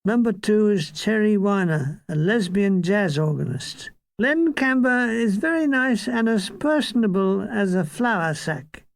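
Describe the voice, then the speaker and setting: There's lively intonation and vocal fry in this older Irishman's high voice as he narrates his war memoir, recorded with no room sound. His style is dry and comic, full of rapid asides and mock voices.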